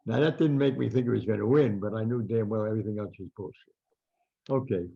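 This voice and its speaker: A man's voice: on the low side, fast, creaky, breathy edge, dull audio. An older man, a guest boxing writer, telling stories in an interview and acting out the people he quotes. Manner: animated storyteller, acts out quotes loudly. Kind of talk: storytelling interview.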